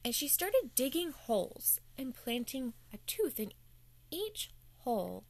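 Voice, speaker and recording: A woman's voice: high-pitched, big pitch swings, a little slow. A woman telling a playful bedtime story to children as the show's host.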